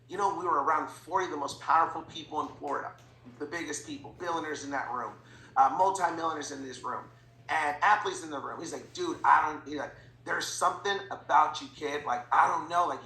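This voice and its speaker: A man talking as a guest in an interview, telling stories in an animated way and acting out the dialogue. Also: a little high, reverberant, poor audio. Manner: animated, acts out quoted dialogue. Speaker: podcast guest, financial educator. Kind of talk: energetic storytelling interview.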